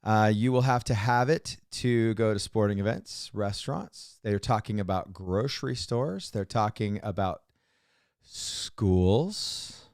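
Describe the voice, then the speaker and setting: A man's voice: fairly low pitch, lively intonation, slow, darkish tone, dry recording, studio quality. A man co-hosting a podcast in casual chat. He rambles, restarts and repeats words, and he drops joking, sarcastic asides. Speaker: podcast co-host.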